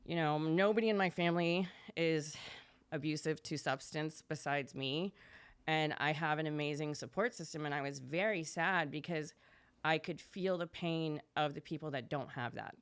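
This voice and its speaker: A young adult woman appears as a podcast guest and tells her story in casual chat. She's chatty and quick, with a clear, resonant tone, and her voice jumps higher when she acts out what others said.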